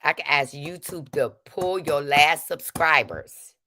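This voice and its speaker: A woman's voice: sits low, slow pace, pushed and bright, dry recording, clean studio sound. Confrontational woman ranting on a livestream. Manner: confrontational, calling people out; preachy, invoking prayer and forgiveness. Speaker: livestream host. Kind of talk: ranting livestream talk to chat.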